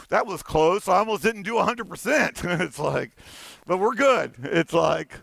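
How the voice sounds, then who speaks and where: A man giving a conference talk, telling an animated, playful story and acting out the dialogue. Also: high-pitched, measured pace, creaky, no room sound. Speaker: conference keynote speaker. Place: conference stage.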